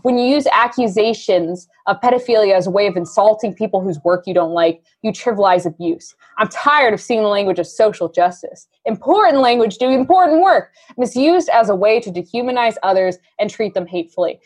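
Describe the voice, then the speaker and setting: A woman's voice: mid-range voice, expressive, brisk, few pauses. Woman, podcast co-host, casual chat, indignant, heated, swears casually.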